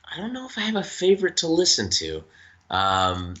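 A man who works as a voice actor, chatting in an interview and thinking out loud with frequent restarts and fillers. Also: a little high, wildly swooping pitch, lo-fi sound. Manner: thoughtful, halting with many restarts and fillers. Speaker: voice actor guest. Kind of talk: casual interview chat.

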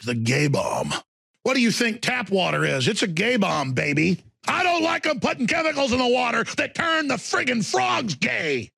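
A man doing an impression of a ranting male conspiracy radio host, raspy and bellowing. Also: wildly swooping pitch, normal speed, no echo, clean studio sound, heavily acted. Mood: raging. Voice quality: raspy, gravelly shouting. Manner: bellowing, swooping wildly in pitch.

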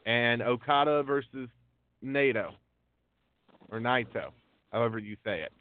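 This man's medium-pitched voice is fairly quick as he hosts a casual wrestling news talk show. He reads out long lists of names without hurrying, with plenty of ums. The sound is tinny, like a phone line.

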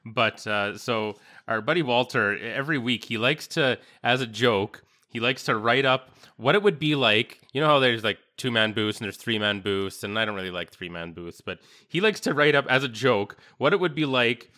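A man's voice: mid-range voice, lively intonation, moderate pace, hardly any pauses, pushed and bright. A man co-hosting sports talk, casually telling a story about a friend's running joke. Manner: easygoing storyteller, reads out jokes. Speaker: sports radio co-host.

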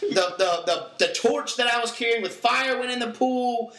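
A man's voice: extremely high pitch, normal speed, pushed and bright, reverberant, poor audio. A young man hosting a podcast, telling a rambling story with restarts in casual chat. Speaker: podcast host.

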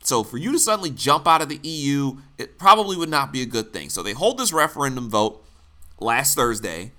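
A man's voice: medium pitch, big pitch swings, fairly quick, bright, forceful tone. A man from the United States giving blunt, sarcastic political commentary, swearing freely. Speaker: commentary host.

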